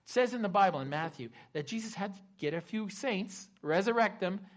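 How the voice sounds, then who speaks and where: A man's voice: high voice, animated, a little fast. Dramatic preacher man, raised voice. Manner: dramatic, shifting between loud emphasis and hushed asides. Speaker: pastor. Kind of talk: sermon retelling a scripture story.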